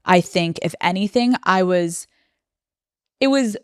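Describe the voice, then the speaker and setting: A woman's voice: fairly low pitch, slow pace, clear, resonant tone, dry recording, clean studio sound. Emotional young woman hosting a podcast. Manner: emotional and confessional, voice breaking near tears. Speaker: podcast host. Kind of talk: personal solo podcast monologue. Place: podcast studio. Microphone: studio microphone.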